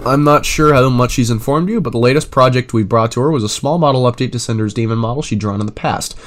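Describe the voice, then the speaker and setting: A man reading chat messages aloud in an even, measured way, breaking into loud, sarcastic rants full of swearing. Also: mid-range voice. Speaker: commentator reading chat logs.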